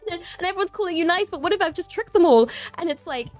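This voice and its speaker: A woman's voice: extremely high pitch, lively intonation, fast, faint music behind. A young woman streamer chatting casually, rambling and giggling often. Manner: rambling, giggly, self-deprecating.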